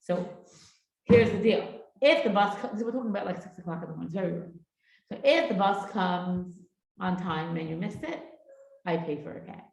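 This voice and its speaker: A woman's voice: lowish voice, fairly quick, vocal fry. Middle-aged woman, parenting class teacher, storytelling lecture, room echo. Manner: lively storyteller who acts out family dialogue. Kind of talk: lecture with anecdotes. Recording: echoey room.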